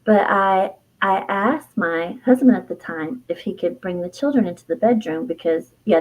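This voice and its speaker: A woman's voice: on the low side, phone-quality sound. A middle-aged woman, an herbalist and author, telling a personal story as an interview guest in an earnest, heartfelt way, laughing often and restarting her sentences. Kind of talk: candid personal storytelling in conversation.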